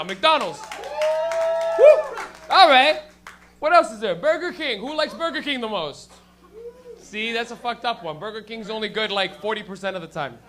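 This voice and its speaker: In a small comedy venue before a live audience, a male host and comic does stand-up and crowd work in a high, bright voice. His delivery is crude and rambling, and he swears a lot.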